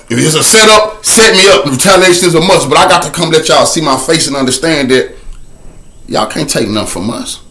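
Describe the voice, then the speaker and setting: A man recounts his own story in a relaxed, lively way, sinking to a quiet murmur whenever a repeated refrain comes around.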